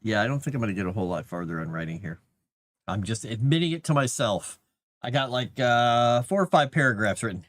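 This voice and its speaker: Chatty man with a lively voice. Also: mid-range voice, fairly quick, no echo. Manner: rambling, chatty, talks to his cat. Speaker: livestreamer. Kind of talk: casual livestream chat.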